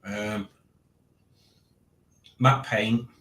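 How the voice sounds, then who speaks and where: A man's voice: fairly low pitch, steady tone, extremely slow, fairly bright tone, reverberant. A man hosting a live stream from home, casually chatting and reading out the chat with dry, playful teasing. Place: home room.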